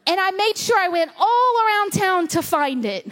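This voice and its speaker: A woman pastor telling a vivid story to her congregation, animated and dramatic, dropping to a hush at tense moments. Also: extremely high pitch, moderate pace. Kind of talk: storytelling sermon. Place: church stage before a congregation.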